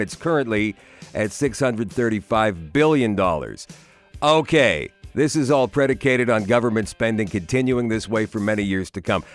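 A man with a Canadian accent presenting a scripted radio news segment, dropping wry editorial asides. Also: mid-range voice.

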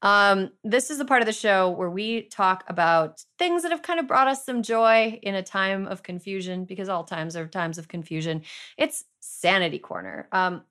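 A woman's voice: mid-range voice, animated, normal speed, a bit bright. A woman hosting a podcast, leading a casual chat in an emphatic, playful way. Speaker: podcast host.

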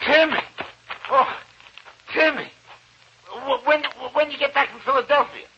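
An actor playing a humble, apologetic baseball star, earnest and stammering, in 1940s radio acting on a muffled old radio broadcast. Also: male voice, very high-pitched, fairly even intonation, a little slow, a little hiss or hum.

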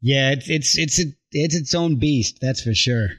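A man's voice: medium pitch, a little slow, fairly bright tone. A man from Central New Jersey hosting a casual podcast, rambling with stammered restarts. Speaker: podcast host.

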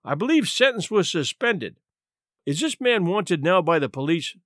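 A man doing a ragged, hungry gentleman in a storybook, speaking low-key and wry with soft sighs. The voice sits fairly high and close-miked in a dry, dead space. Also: big pitch swings, moderate pace, no echo. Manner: quiet, sighing, wry. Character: shabby, quiet, dry-witted down-and-out gentleman.

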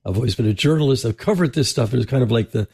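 A man hosting a podcast interview, talking casually with many restarts and throat clearing. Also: medium pitch, expressive, fast talker, darkish tone, no room sound, studio quality. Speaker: podcast host.

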